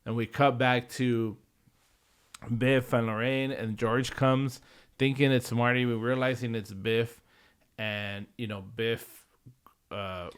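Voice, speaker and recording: A man co-hosting a podcast, relaxed and agreeable, recounting a film's plot. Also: medium pitch, smooth. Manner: relaxed, agreeable, retells plot with quick quoted lines. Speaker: podcast co-host. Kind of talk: casual movie rewatch chat.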